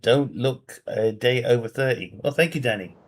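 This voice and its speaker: A man's voice: mid-range voice, moderate pace, breathy edge. A man doing casual livestream commentary on a strategy game from his bedroom. He reads viewer questions aloud, rambles, and laughs at his own jokes. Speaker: game streamer. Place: home bedroom.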